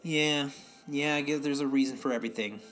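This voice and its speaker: A man's voice: medium pitch, brisk, fairly bright tone, faint music behind. A young man co-hosting a casual podcast, rambling and swearing through exasperated rants. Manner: rambling, profane, exasperated ranting. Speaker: podcast co-host.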